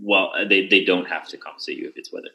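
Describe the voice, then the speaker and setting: A man's voice: sits low, fairly even intonation, quick pace, pushed and bright, rough recording. A young man hosting a podcast, telling a long story in casual chat with lots of restarts and fillers. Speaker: podcast host.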